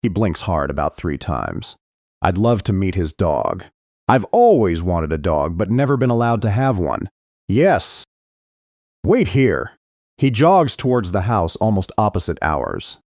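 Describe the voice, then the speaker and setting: Deep-voiced expressive male audiobook narrator. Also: moderate pace, no echo, studio quality. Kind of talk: scripted first-person thriller narration.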